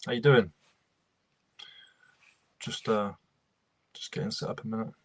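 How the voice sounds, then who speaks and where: A man's voice: on the low side, fairly even intonation, unhurried, no echo. A young man, casually chatting and greeting viewers by name while he works on a livestream. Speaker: reseller livestream host.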